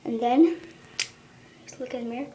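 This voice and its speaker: A woman's voice: a little high, moderate pace, dark tone. A young girl chatting casually in a home video, her talk broken by hiccups. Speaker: vlogger. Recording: roomy home camera audio with faint noise.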